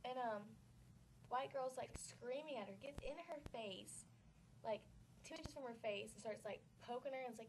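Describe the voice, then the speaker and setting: A woman's voice: a little high, moderate pace, background noise. A young woman, telling a story casually and packing it with "like". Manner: chatty, says "like" constantly.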